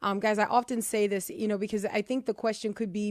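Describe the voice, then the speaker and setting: A woman's voice: mid-range voice, fairly even intonation, fairly quick, few pauses, no echo, clean studio sound. A middle-aged woman co-hosting a talk radio show, chatty and emphatic, laughing easily between points. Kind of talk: casual talk radio commentary.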